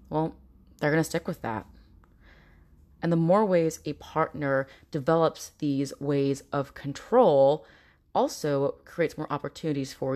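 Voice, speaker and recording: A woman's voice: low-pitched, a little mellow. A woman hosting an informative podcast, talking earnestly and directly to listeners, now and then mimicking other people in mocking voices. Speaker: podcast host.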